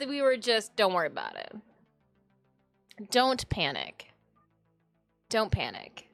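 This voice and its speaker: 30s lady streamer chatting away, kinda high voice, dry close mic, soft music under it. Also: big pitch swings, slow, long pauses, smooth, dry recording. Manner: chatty, playful, talks to chat and her cat. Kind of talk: casual live-stream chat. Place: home streaming room.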